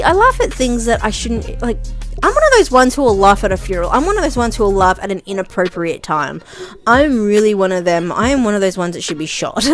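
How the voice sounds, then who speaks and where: A woman vlogging casual commentary on video listings, rambling with many ums and frequent chuckles. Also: on the high side.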